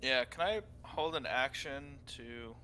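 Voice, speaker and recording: A man playing a tabletop game, easygoing and quick to laugh. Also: medium pitch, pushed and bright, slight background noise. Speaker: player. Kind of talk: casual tabletop game play.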